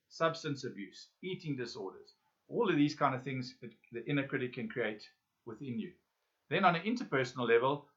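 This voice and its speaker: A man's voice: mid-range voice, pushed and bright. Man leading a self-help lesson. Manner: talks straight to listeners with questions and pauses. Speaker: workshop facilitator. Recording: dull lo-fi audio.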